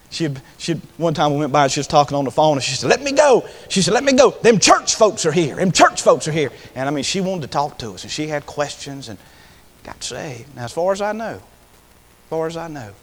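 A man's voice: medium pitch, slight background noise. A man, preaching and telling a story from his ministry, rising into impassioned pleading. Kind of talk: sermon testimony.

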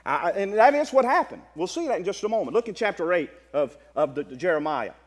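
A high-voiced man preaching a Baptist sermon. His pitch swings widely as he builds from quiet asides to loud, exclaiming stretches. He speaks in a hall with a long echo. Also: big pitch swings, quick pace.

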